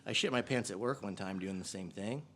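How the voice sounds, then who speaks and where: A man's voice: on the low side, brisk, a bit bright. A man on a casual podcast, telling a story with animation and laughing as he talks. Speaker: podcast co-host. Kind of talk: casual chat.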